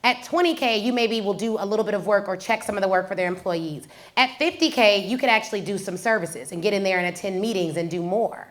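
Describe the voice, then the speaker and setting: A woman hosting a podcast as a business coach, teaching in a casual, animated way with rhetorical questions, slangy asides and stories. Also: mid-range voice, quick pace, hardly any pauses. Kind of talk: casual teaching talk with storytelling.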